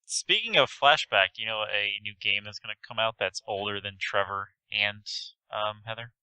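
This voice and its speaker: A man's voice: on the low side, moderate pace, bright, forceful tone, clean tone, no echo, poor audio. A man co-hosting a podcast, chatting casually with easygoing, dry remarks. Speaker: podcast co-host. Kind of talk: casual chat.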